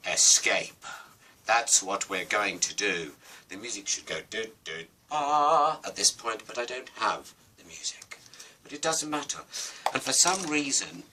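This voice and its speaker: A man's voice: lowish voice, sharp tone, slight background noise. A man improvising a silly goldfish story, rambling with playful asides and putting on voices.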